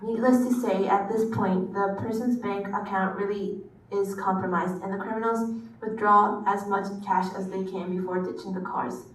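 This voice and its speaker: A female student reading a text aloud in class, steady with a few stumbles. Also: medium pitch, normal speed, far from the mic. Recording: echoey classroom from afar.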